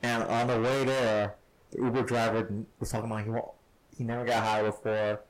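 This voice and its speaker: A man's voice: fairly low pitch, little pitch movement, a little fast, low-quality recording. A man co-hosting a podcast, telling stories in casual chat and laughing often as he talks. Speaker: podcast co-host.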